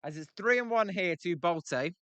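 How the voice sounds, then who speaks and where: A bright, clean-sounding young man with a British accent, talking close to a dry mic. He chats loosely with his viewers as he follows a baseball game, teasing them about how words are said. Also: high voice, animated, moderate pace, smooth, no echo. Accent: British English. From Britain. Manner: chatty, banters with chat, plays with pronunciations. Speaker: livestream host reacting to a baseball game. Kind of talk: casual live-stream commentary, reading chat.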